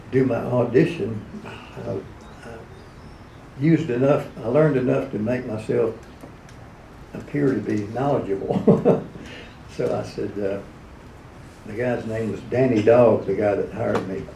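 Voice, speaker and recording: A gravelly-voiced man spins folksy, chuckling stories, dropping into quick character voices along the way. He's heard from a distance in an echoey hall, with room noise humming behind him. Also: medium pitch, steady tone, warm tone. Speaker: radio personality telling stories. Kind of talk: anecdotal storytelling at a live event. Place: event hall. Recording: echoey room, recorded from far off.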